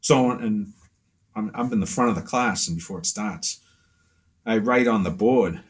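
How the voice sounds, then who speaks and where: A man's voice: fairly low pitch, normal speed, slightly rough. A man chatting casually as an interview guest, rambling through stories with many fillers and acting out other people's lines. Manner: rambling storyteller, many fillers, acts out quotes. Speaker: pastel artist guest.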